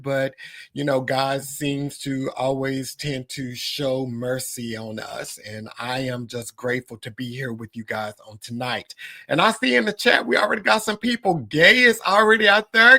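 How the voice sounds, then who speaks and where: A man's voice: a little high, sharp tone, no echo. A man hosting a live-streamed podcast, chatting casually with viewers and greeting them by name as he reads their comments aloud. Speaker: podcast host.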